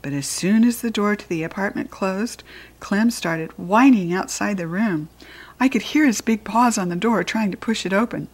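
A woman reading a children's story aloud in the first person, in a lively, expressive and playful way. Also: medium pitch, normal speed. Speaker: audiobook reader.

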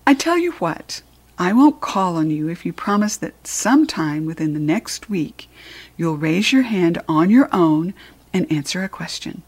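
A woman reading a storybook aloud, voicing a strict, moody middle-aged schoolteacher in a crisp, clipped manner. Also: lowish voice, animated, a little slow. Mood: coaxing.

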